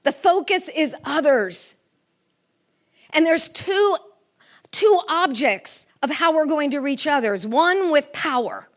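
A woman's voice: high voice, lively intonation, slow pace. A middle-aged woman preaching a sermon with fervor, asking the congregation questions. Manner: fervent, asks the congregation questions.

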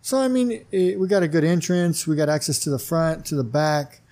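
Male podcast guest, slightly high and warm voice, animated storyteller who plays out both sides of a conversation. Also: brisk. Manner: animated storyteller who acts out dialogue, many "you know" fillers. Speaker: wrestling commissioner and gym owner, podcast guest. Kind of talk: casual storytelling interview.

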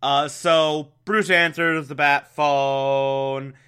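Wry, chatty man with a crisp, bright voice. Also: fairly high pitch, steady tone, extremely slow. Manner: wry, chatty, laughing asides. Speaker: show host recapping an episode. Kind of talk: casual comedic recap.

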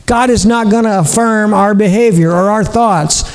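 A man with a high voice delivers a sermon as pastor. He preaches earnestly, repeating his points and asking rhetorical questions. His voice carries a long reverb from the church hall. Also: moderate pace, hardly any pauses.

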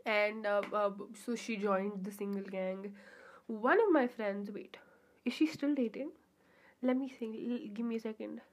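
A young adult woman with a pure-sounding, mid-range voice hosts a casual solo podcast at an unhurried pace. She rambles chattily, full of fillers and giggly asides.

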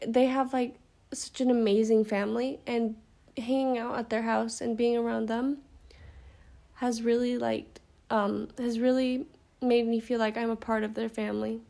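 Teary young woman with a gravelly voice. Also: on the high side, flat delivery, mellow. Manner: halting, filler-heavy, tearful and emotional. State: holding back tears. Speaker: podcast host. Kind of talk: casual personal podcast monologue.

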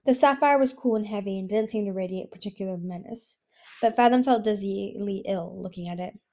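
A woman reading a fantasy novel aloud as an audiobook, with an even narration that sometimes stumbles and restarts. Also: medium pitch, fairly quick. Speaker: audiobook reader. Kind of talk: storybook narration.

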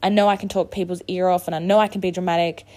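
A woman's voice: lowish voice, level tone, fast, dark tone. A woman hosting her own solo podcast, frank and motivational, swearing freely while hungover. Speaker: podcast host. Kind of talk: casual solo podcast monologue.

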